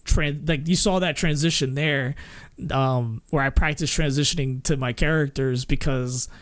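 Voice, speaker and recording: A man's voice: mid-range voice, moderate pace, no room sound. A man streaming in a casual, rambling way, swearing freely and laughing often.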